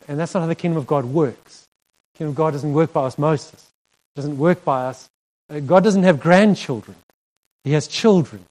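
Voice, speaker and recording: Male pastor, fairly high voice, conversational sermon delivery with frequent laughs. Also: a little mellow. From South Africa. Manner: earnest, conversational, laughs often, voice rises when stressing a point. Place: church hall.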